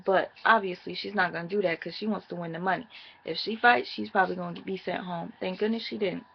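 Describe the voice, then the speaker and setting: A woman's voice: lowish voice, fairly even intonation, quick pace, creaky, breathy edge, muffled recording. A woman chatting casually and profanely as she recaps a reality show for her viewers.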